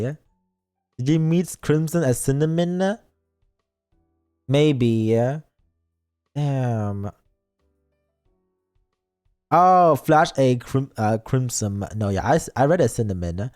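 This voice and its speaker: A man's voice: mid-range voice, lively intonation, slow pace, long pauses, a little mellow, faint music behind. A man streaming as a VTuber, reading a story game aloud and breaking off for teasing asides to chat. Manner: playful, reads lines aloud and reacts with teasing asides.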